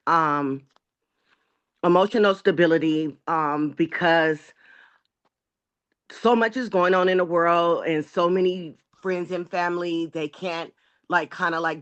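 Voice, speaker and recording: A woman talking about her own progress with a coach on a video call, earnest and halting. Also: deep voice, lo-fi sound. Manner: earnest, halting, with fillers and restarts. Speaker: coaching client. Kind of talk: casual reflective sharing.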